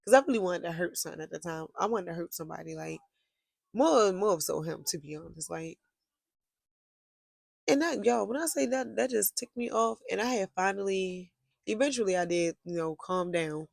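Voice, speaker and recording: A woman's voice: on the low side, animated, moderate pace, creaky, a little mellow, no room sound. A young woman telling a storytime vlog in a casual, blunt and profane way, with heated outbursts. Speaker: vlogger.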